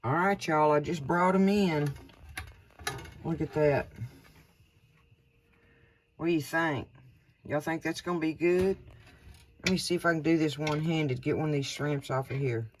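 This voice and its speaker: A woman's voice: low-pitched, fairly even intonation, unhurried, long pauses, a little hiss or hum. A woman hosting a casual cooking demonstration, chatty and folksy, talking straight to her viewers outdoors at night. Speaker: cooking show host.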